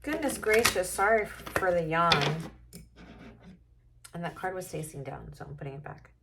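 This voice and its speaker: A woman's voice: low voice, normal speed, creaky, heavy background noise. A woman doing a casual tarot reading to camera, musing and thinking aloud as she turns cards. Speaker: tarot reader.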